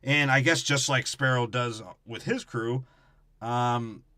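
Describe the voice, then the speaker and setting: A man co-hosting a comedy podcast, riffing crudely on a movie plot and dropping into quick character voices. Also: medium pitch, steady tone, bright, forceful tone. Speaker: podcast co-host.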